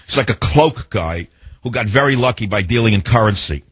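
A man hosting a call-in radio talk show, rambling wryly and thinking out loud. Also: fairly low pitch, expressive, fairly quick, husky, dry recording. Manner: rambling and wry, thinking aloud. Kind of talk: casual call-in radio monologue.

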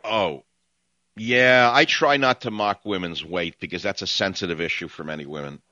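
A man's voice: low voice, moderate pace, bright, forceful tone, no echo, highs cut off. A man with a New York accent hosting call-in talk radio, ranting in a brash, sardonic, rambling way.

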